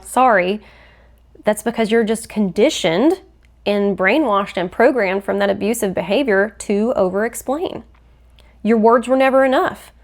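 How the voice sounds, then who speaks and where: A woman hosting a faith-based podcast, teaching in an earnest, explanatory way and acting out quoted phrases. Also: on the high side. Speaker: podcast host.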